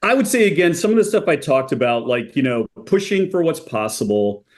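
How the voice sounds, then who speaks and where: Male executive guest, conversational, relaxed, filler-heavy, animated storyteller. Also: on the high side, fairly quick. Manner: relaxed, frequent "you know" and "like" fillers, animated when telling stories. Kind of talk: conversational podcast interview.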